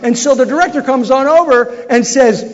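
A man's voice: very high-pitched, a little fast. A man giving a speech to a live audience, telling a story animatedly and acting out what others said. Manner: animated, acts out other people's lines. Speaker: keynote speaker. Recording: echoey hall, slightly dull sound.

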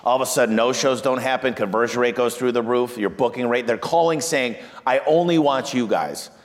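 A man's voice: fairly quick, big-room sound. A man, a business owner, talking energetically about marketing and sales, telling stories and acting out what customers say. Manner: energetic storyteller, acts out quoted clients in a higher voice. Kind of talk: animated business talk.

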